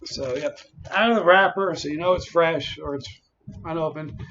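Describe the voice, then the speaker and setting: Man, a touch high-voiced, chatty stream host, dull lo-fi audio. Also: moderate pace, fairly bright tone, slight background noise. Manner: chatty, greets viewers by name. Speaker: livestream host. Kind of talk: casual livestream chat.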